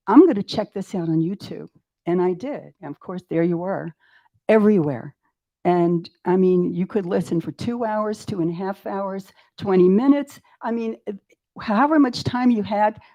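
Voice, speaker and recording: A woman in her eighties, interviewed as a guest at a retreat center in Mexico, speaks with a mid-range voice at a moderate pace. She tells her story casually and animatedly, acting out her own doubting thoughts with self-mocking humor.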